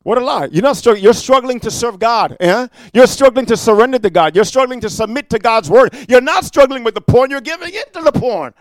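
A man preaching a sermon, moving from quiet storytelling to loud rebuke, filling it with amen and rhetorical questions. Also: extremely high pitch, animated, a little fast, hardly any pauses, no room sound. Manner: frequent amen and rhetorical huh.

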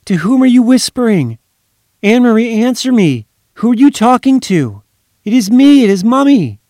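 A man reading aloud voices a desperate young mother shouting and pleading into a phone for her lost child. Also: very high-pitched, very animated, moderate pace, dry recording, studio quality, pitched above the performer's own voice, full character voice. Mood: frantic.

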